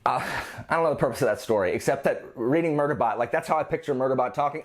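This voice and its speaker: A man's voice: medium pitch, racing. A man reviewing books in a casual vlog, rambling and often restarting his sentences. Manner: rambling, self-interrupting, frequent restarts. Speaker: book reviewer.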